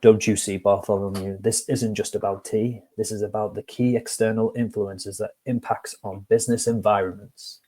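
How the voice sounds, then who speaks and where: A man voicing a pompous male pigeon messenger with a deep voice, explaining things in an insistent, lecturing way in a storybook tale. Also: flat delivery, normal speed, hardly any pauses, mellow, breathy edge.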